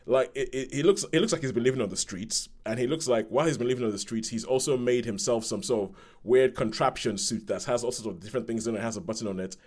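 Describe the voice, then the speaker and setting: A man reviewing a film on a podcast in casual chat, retelling the story in a rambling, animated way. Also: medium pitch, quick pace, few pauses.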